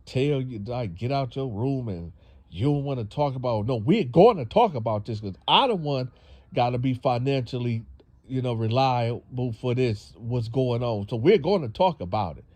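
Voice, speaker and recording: A man's voice: mid-range voice, expressive, a little slow, warm tone, dry recording. A man doing a blunt, scolding mother. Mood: distraught. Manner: blunt, scolding, repeats herself. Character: stern, fed-up middle-aged mother.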